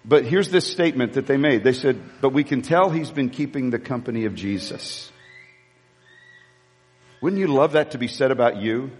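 A man preaching a sermon as pastor, rousing the congregation to shout and praise. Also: medium pitch, normal speed, slightly rough. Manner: rousing, calls the crowd to shout. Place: church sanctuary. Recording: long hall reverb with soft music.

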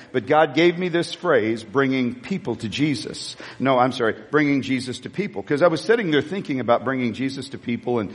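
A man preaching a sermon as pastor, rousing the congregation to shout and praise. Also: mid-range voice. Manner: rousing, calls the crowd to shout. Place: church sanctuary. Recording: long hall reverb with soft music.

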